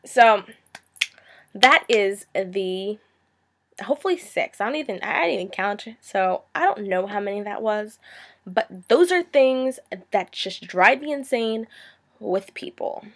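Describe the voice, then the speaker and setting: A woman's voice: medium pitch, animated, a little slow, a bit bright. A teenage girl ranting in a vlog, sarcastic and exasperated, now and then slipping into mocking impressions. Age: teens. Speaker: vlogger.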